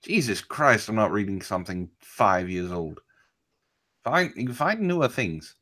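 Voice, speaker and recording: A man's voice: on the low side, big pitch swings, a little slow, sharp tone. A man hosting a casual online chat, reacting in an incredulous way and steering the talk.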